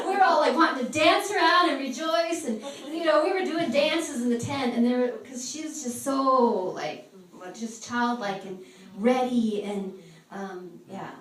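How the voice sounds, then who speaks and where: A woman sharing a live church testimony with a group, animatedly acting out the voices of the people in her story. She is recorded on a phone from across the room. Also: on the high side. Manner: animated storyteller who acts out quoted speech. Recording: echoey room, distant phone mic.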